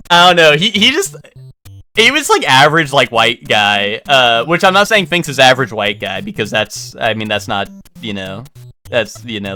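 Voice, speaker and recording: A man's voice: medium pitch, bright, forceful tone. A man streaming live, chatting casually and telling a rambling story full of fillers and restarts. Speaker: livestreamer. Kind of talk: casual livestream chat.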